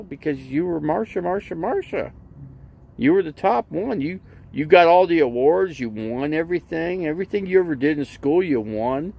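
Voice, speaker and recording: A man's voice: a little high, gravelly, darkish tone, no echo. A man telling a long rambling story in casual livestream chat, full of restarts and acting out both sides of a conversation. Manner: rambling, lots of "you know" and restarts. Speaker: RV vlogger.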